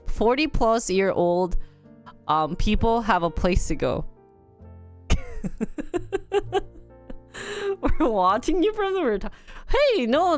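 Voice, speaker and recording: A young woman chatting casually on a live stream, giggly and talkative, dropping in Korean words. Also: medium pitch. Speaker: livestreamer.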